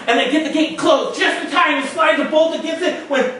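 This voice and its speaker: A male storyteller performing a tale dramatically, with shouted sound effects. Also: very high voice, brisk. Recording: echoey room, mic far off.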